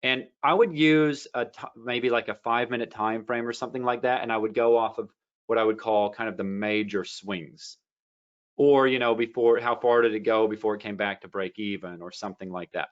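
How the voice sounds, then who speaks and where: A low-pitched man talking casually about trading, wandering through a story with lots of ums and restarts. The sound is a bit dull and lo-fi. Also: fairly even intonation, fairly quick. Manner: rambling storyteller with many fillers and restarts. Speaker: trading educator. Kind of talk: casual teaching talk.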